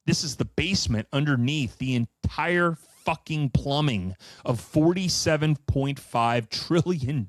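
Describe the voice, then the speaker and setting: A man's voice: mid-range voice, dry recording. Emphatic, sardonic man presenting. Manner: emphatic, sardonic, profane asides. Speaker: finance commentator. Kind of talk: animated solo presentation.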